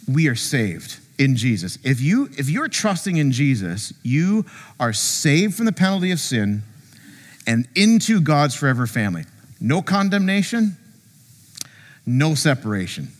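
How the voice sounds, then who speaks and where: A man preaching a sermon as pastor, conversational and animated, joking with the congregation and acting out quotes. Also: a little high, long reverb tail. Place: church sanctuary.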